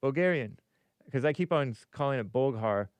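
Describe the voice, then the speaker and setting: A man's voice: medium pitch, expressive, moderate pace, clear, resonant tone, no echo. Chuckling, rambling male stream host. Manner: rambling, frequent chuckles, thinks aloud. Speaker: host of a live call-in stream. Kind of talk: casual live-stream commentary, reading viewer comments aloud.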